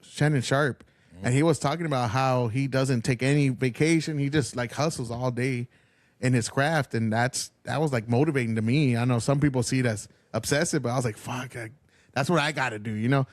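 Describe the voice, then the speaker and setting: A podcast host with a medium-pitched voice talks fairly quickly, recorded with no echo. In casual podcast chat he speaks loosely, swears freely, and encourages his guest.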